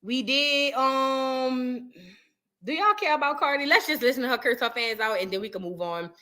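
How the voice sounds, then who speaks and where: A woman with a New Orleans accent hosts a casual reaction show. Her voice sits high and sounds bright and forceful. She talks in an animated, profane way and speaks straight to her viewers in chat. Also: normal speed.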